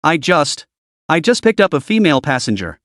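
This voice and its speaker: A self-pitying male driver whines through a put-on victim act, as a man reading the story voices him. His voice trembles and swings widely in pitch, melodramatic and aggrieved. The sound is close and dry. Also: sing-song, brisk, fairly bright tone, dry recording.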